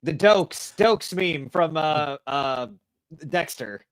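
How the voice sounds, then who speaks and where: A man's voice: on the high side, animated, slow, smooth, no room sound, poor audio. A man co-hosting a casual podcast, who chips in with short, dry interjections. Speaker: co-host.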